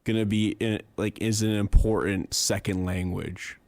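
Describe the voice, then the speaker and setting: A man's voice: on the low side, little pitch movement, a little slow, darkish tone, dry recording. Easy-laughing man, dry close sound. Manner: laughs easily, joking back. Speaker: podcast co-host. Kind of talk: casual chat.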